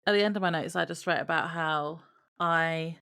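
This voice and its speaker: A woman's voice: sits low, normal speed, creaky, a bit bright, clear, resonant tone. A young adult woman co-hosting a podcast in easygoing casual chat, reading from her notes. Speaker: podcast co-host.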